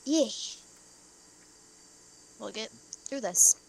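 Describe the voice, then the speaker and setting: A woman's voice: a little high, expressive, drawn-out words, gravelly, darkish tone, low-quality recording. A woman at a tabletop game who describes her character's actions in casual chat and laughs easily. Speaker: player.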